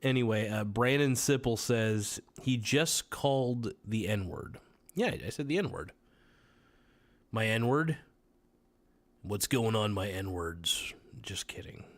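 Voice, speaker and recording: A man's voice: on the low side, expressive, takes it slowly, pauses often. A man hosting a casual podcast livestream, reading chat comments aloud and answering them with crude, irreverent jokes on a close mic.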